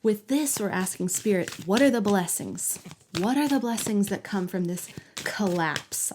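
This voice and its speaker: A woman giving a collective tarot reading, talking softly and affectionately to the viewer and sometimes dropping to a whisper. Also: medium pitch, expressive, measured pace, slight background noise. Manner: soft, affectionate, talks directly to the viewer. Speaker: tarot reader.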